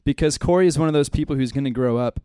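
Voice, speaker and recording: A man, a pastor, opening a church ministry class with a heartfelt story and then a quiet, earnest prayer. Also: mid-range voice, fast, clear, resonant tone, no echo, studio quality.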